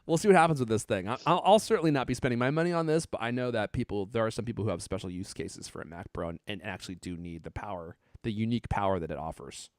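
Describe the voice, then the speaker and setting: A man's voice: on the low side, animated, fast, few pauses, no echo, studio quality. A man in his thirties co-hosting a podcast, joking and teasing his co-host in casual chat. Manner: playful, teasing, laughs often.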